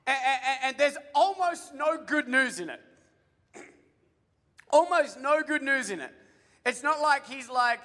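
A man preaching with a very high, bright voice, joking with the congregation and firing questions at them. His energetic sermon echoes with long reverb through a large church hall. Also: a little slow, pauses often. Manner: humorous, energetic, quizzes the congregation. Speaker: pastor.

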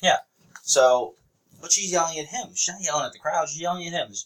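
Man, podcast co-host, casual wrestling chat, animated retelling. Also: fairly high pitch, a little fast. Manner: animated retelling with laughter and quoted voices.

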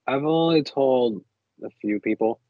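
A man's voice: medium pitch, a little slow, phone-quality sound, a crowd in the background. A young man co-hosting a podcast in casual chat, rambling and laughing, often sliding into mock voices. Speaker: podcast co-host.

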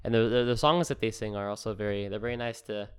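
Rambling young man, smooth low voice. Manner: rambling, halting with many restarts and laughs. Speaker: podcast co-host. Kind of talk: casual podcast chat.

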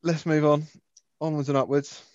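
A man's voice: on the high side, level tone, normal speed, a little mellow, no room sound. A man, co-hosting a casual, jokey podcast chat. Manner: dry, jokey, laughs often. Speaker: podcast co-host. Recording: dull, muffled lo-fi sound.

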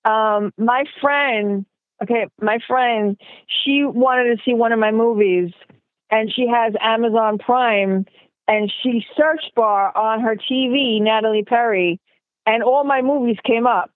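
A woman's voice: fairly high pitch, unhurried, no echo. A woman actress from New York, with a mild New York accent mixed with a Californian one, chatting casually in an interview with lots of fillers and restarts. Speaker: actress guest. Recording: tinny phone line.

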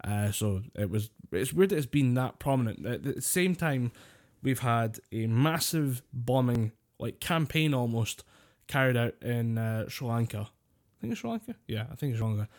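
Brit podcast co-host, mid pitch, wry rambling chatter. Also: male voice, expressive, normal speed. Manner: rambling, wry, laughs often. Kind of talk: casual chat.

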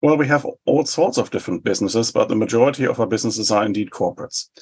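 A man in his forties with a New Zealand accent, explaining his views in a measured way in an interview. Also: on the low side, a little mellow, husky. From Germany. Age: 40s. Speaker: think tank head. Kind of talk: interview answers.

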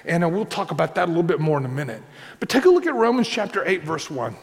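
A male pastor with a high, lively voice and a gravelly edge, preaching in a relaxed, conversational way. He repeats his key points and keeps checking in with his listeners. The sound rings with the long reverb of a hall. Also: fast talker. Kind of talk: sermon.

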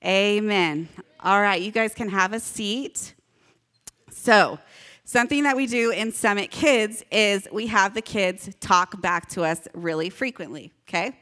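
A woman's voice: medium pitch, a little slow, a bit bright. A young woman pastor giving a chatty, upbeat children's sermon to a congregation and leading call-and-response.

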